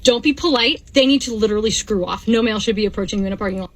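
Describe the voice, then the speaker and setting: A woman's voice: medium pitch, rapid-fire, rough recording. A woman recounting a personal run-in to camera, emphatic and indignant, repeating her points.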